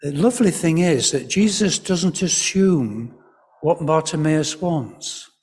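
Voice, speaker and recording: Man, preacher, all-age church sermon, gentle storyteller, slow and deliberate, long church reverb. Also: on the high side, animated, breathy edge. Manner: gentle storyteller, leading the congregation in call-and-response.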